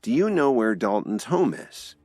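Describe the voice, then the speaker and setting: A man voicing a gentle, injured young man in an audio drama, soft and reassuring. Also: mid-range voice, sing-song, unhurried, dry recording, faint music behind, pitched above the performer's own voice. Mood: curious.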